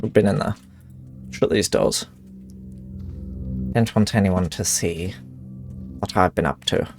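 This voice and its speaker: A male streamer giving live commentary on a game, swearing, laughing and reacting loudly. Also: low-pitched, fairly even intonation, moderate pace, over music.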